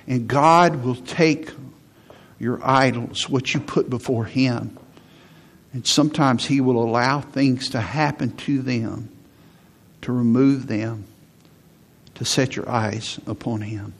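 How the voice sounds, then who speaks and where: A man's voice: mid-range voice, steady tone, slow, pauses often. A man preaching a conversational sermon to a congregation, often acting out what people say. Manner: conversational preaching, acts out quotes. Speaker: pastor.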